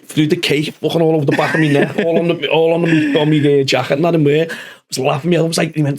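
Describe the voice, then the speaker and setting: A man's voice: a little high, little pitch movement, fast, hardly any pauses. A man, hosting a podcast in casual chat and telling a rowdy workplace story full of swearing and acted-out quotes. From Liverpool, England. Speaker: podcast host.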